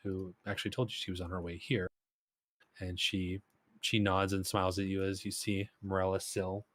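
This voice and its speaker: Low-voiced male game master, rambling narration, dry close mic. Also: level tone, moderate pace, fairly bright tone, no echo. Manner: rambling, lots of fillers.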